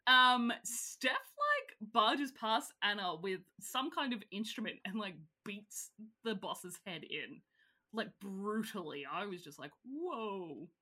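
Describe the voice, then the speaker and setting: A woman's voice: medium pitch, sing-song, slow pace, pushed and bright. A woman with an Australian accent, co-hosting a casual podcast, chatty and giggly with lots of filler words. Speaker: podcast co-host.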